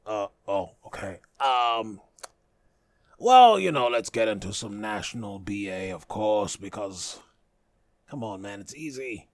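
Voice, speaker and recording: Slow, low-voiced man hosting a comedy podcast. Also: fairly even intonation, fairly bright tone, no room sound, studio quality. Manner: joking, profane, mock-villain boasting. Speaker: podcast host.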